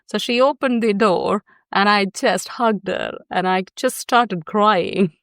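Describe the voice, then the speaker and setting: A woman's voice: mid-range voice, slow pace, no echo, studio quality. A woman psychotherapist guesting on a podcast, telling personal stories candidly and laughing often. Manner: warm storytelling, often laughing.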